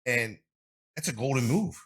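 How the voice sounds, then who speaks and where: A man hosts a laid-back podcast conversation in a bright, forward voice with a husky grain. He talks in an animated way and swears freely. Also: mid-range voice, moderate pace. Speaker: podcast host. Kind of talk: casual podcast chat.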